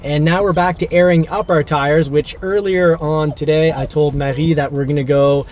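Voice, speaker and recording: A man's voice: on the high side, fairly even intonation, moderate pace, darkish tone. Chatty man vlogging by his truck outdoors. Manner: chatty, practical, joking asides. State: out of breath after shoveling. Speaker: car channel host. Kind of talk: casual outdoor vlog narration. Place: outdoors at a beach by a vehicle. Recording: noisy outdoor recording.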